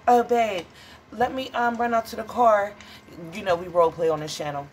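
A woman's voice: medium pitch, steady tone, moderate pace, slight background noise. A woman giving a casual tarot reading to viewers, blunt, profane and dramatic, calling them honey and child. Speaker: tarot reader.

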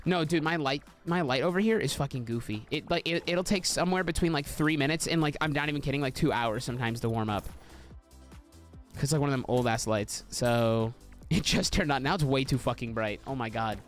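A young man streaming a game from a small room at home, chatting casually, joking and swearing with sudden excited yelps. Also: faint music behind. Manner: animated and joking, swearing, quick pitch jumps into excited yelps. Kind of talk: casual livestream chatter while playing.

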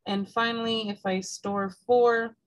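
A woman's voice: a little high, flat delivery, a little slow, poor audio. A woman math instructor giving a recorded lecture, explaining each step patiently and checking in with "okay?", and she has the hiccups.

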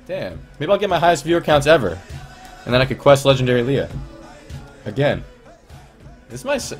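Profane rambling streamer guy, fairly high voice, music playing softly behind. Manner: rambling, profane, swings from mumbling to excited. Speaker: livestreamer. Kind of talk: casual stream chat.

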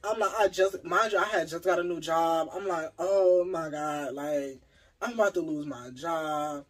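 A young adult vlogger telling a personal story in a casual, animated, profane and dramatic way. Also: medium pitch, normal speed.

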